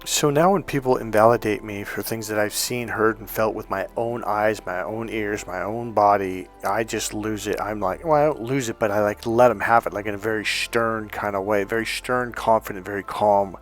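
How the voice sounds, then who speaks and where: A man's voice: lowish voice, fairly even intonation, moderate pace, hardly any pauses, faint music behind. A man coaching on relationships, talking candidly in a casual monologue and acting out what other people said to him.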